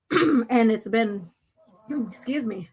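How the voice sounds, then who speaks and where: Woman host, casual livestream chat, rambling, throat clearing. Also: on the high side, lively intonation, extremely slow, darkish tone. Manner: rambling, lots of fillers. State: irritated throat, clearing it often. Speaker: host reading a comic aloud.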